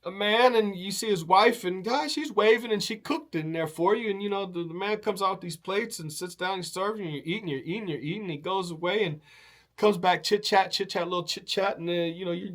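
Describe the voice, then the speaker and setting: This show host has a high-pitched, fairly bright voice and speaks a little fast while telling a loose, meandering story peppered with fillers, false starts and casual cursing.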